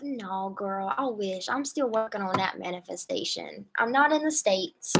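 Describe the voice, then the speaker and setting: A woman's voice: medium pitch, moderate pace, few pauses, background noise. A woman reading tarot on a live stream from a hotel room, chatting casually and playfully with viewers in slangy talk and laughing often.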